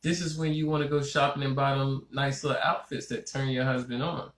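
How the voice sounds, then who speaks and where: A man co-hosting a casual talk show, relaxed and easygoing, with many filler phrases. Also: mid-range voice, fairly quick, reverberant. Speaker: podcast co-host. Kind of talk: casual chat.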